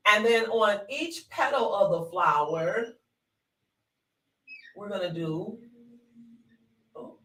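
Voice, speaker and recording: A woman leads a live online workshop, her voice bright and forceful. She is folksy and encouraging, peppering her talk with y'all and calling viewers honey. She speaks into a desk microphone. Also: mid-range voice, animated, slow pace, pauses often, far from the mic, poor audio. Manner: chatty, encouraging, calls viewers honey and sugar; folksy, uses y'all often. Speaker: workshop host.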